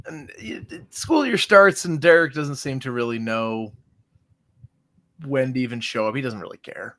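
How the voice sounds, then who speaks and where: A man's voice: mid-range voice, moderate pace, a bit bright. A man describing his character in a tabletop game, slipping into first person in a laid-back way. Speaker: player.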